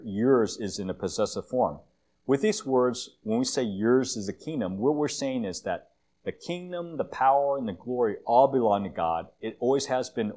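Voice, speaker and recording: A man giving a conversational church sermon with slides, a self-described long-winded speaker who often fills pauses and restarts phrases. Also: lowish voice, darkish tone. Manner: conversational, with frequent fillers and restarts. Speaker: guest preacher.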